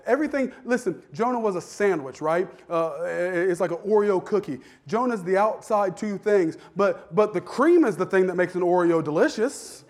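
A man, a pastor, preaching a conversational sermon that swells into fervent shouting. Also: high voice, lively intonation, normal speed, few pauses.

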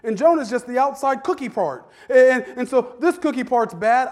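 A man, a pastor, preaching a conversational sermon that swells into fervent shouting. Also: extremely high pitch, expressive, normal speed, few pauses.

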